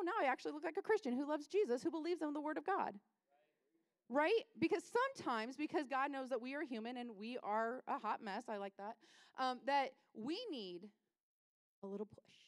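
A woman pastor giving a lively, self-deprecating sermon, repeating lines for emphasis. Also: sits high, fast talker, dry recording.

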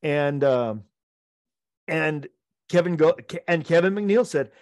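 A middle-aged man, a podcast co-host, telling an animated story among friends, laughing often and acting out the quotes. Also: a little high, takes it slowly, pauses often, dry recording, studio quality.

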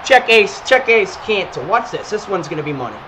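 Young man, very high-pitched, bright and sharp, playful trash talk, calling plays on stream. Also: very animated, brisk, a little hiss or hum, poor audio. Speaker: streamer playing a football video game against a guest. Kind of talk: casual gaming stream chat.

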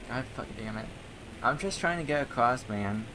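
A man's voice: mid-range voice, lively intonation, normal speed, background noise. A young man giving casual let's-play commentary, often frustrated and swearing, laughing at himself. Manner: frustrated, swearing, self-mocking. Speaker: gaming channel host. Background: game music.

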